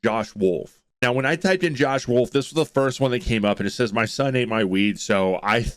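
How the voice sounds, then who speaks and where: A man's voice: mid-range voice, moderate pace, smooth, no echo. A young man hosting a reaction video, chatting casually and laid-back, often restarting his sentences. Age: young adult.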